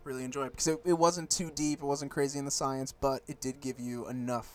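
A young man co-hosting a casual podcast from a home studio, laid-back and quick to laugh. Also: medium pitch, steady tone, a little mellow. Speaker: podcast co-host.

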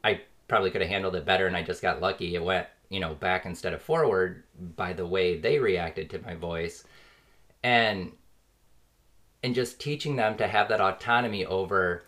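A man's voice: low-pitched, normal speed, fairly bright tone. A man, likely in his thirties, talking casually and earnestly as a podcast host, full of "like" fillers and small chuckles. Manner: rambling, frequent "like" fillers, earnest; chuckles now and then while talking. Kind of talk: casual reflective monologue.

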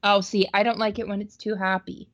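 A woman's voice: medium pitch, flat delivery, a little fast, no echo, lo-fi sound. A woman co-hosting a podcast over a video call, chatting casually and bluntly, swearing freely. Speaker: podcast co-host.

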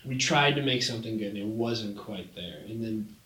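Bright-voiced man, off-mic in an echoey room. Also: fairly low pitch, normal speed, recorded from a distance. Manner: jokey, stammering restarts, laughs often. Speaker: podcast co-host. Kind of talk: casual podcast chat.

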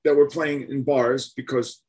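A man in his seventies from New York, a musician being interviewed, telling stories with animated energy and acting out the voices. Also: mid-range voice, measured pace, husky. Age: 70s. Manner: animated storyteller who acts out voices. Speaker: guest musician. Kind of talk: casual storytelling interview.

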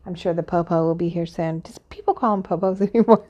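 A woman's voice: on the low side, quick pace, darkish tone, dull audio. A woman co-hosting a casual podcast, playful and self-mocking, often stumbling over her words. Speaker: podcast co-host. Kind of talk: casual chat.

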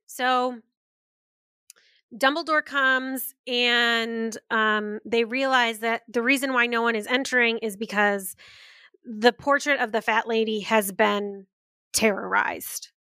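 A woman's voice: fairly high pitch, fairly even intonation, slow pace, pushed and bright, clear, resonant tone, dry recording, clean studio sound. A woman co-hosting a podcast, casually retelling a book chapter and playfully voicing the characters. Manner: retells the plot with playful quoted voices. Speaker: podcast co-host. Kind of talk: casual book-club chat.

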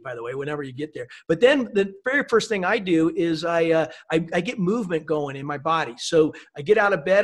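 A man as a podcast guest, talking casually and upbeat, with many "you know" and "right" fillers. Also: a little high. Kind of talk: casual conversation.

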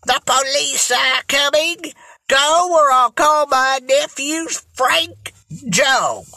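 A reader voicing an easily frightened older aunt who calls out loud but shaky in a storybook reading. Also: sits high, animated, slow, no echo, pitched above the performer's own voice, exaggerated voice. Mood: alarmed.

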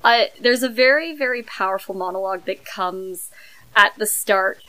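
A woman's voice: medium pitch, normal speed, pushed and bright, low-quality recording. A woman co-hosting a podcast, speaking in an articulate, analytical way with a few fillers. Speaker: podcast co-host. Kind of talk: casual discussion.

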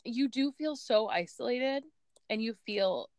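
A woman's voice: a little high, lively intonation, a little slow, no echo. Agreeable woman host, close dry sound. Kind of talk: casual conversation.

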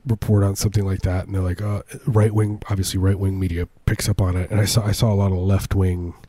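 A man with a husky, mellow, fairly low voice tells rambling comic stories in casual chat. He restarts his sentences often and acts out the people he quotes. The sound is dry and close. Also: little pitch movement, quick pace, no echo. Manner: rambling storyteller with many restarts and acted-out quotes.

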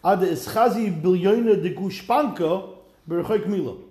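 A man teaches a Talmud lesson, translating each phrase and then retelling it as a lively story full of wry asides. His voice sits a little high. The recording picks up a noticeable echo from the room around him. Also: normal speed. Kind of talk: Talmud class lecture.

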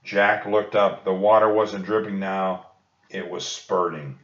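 Slow, low-voiced man reading to kids. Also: level tone. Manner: gentle and reassuring to children. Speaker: storybook reader. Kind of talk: reading a children's book aloud. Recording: dull echoey room recording.

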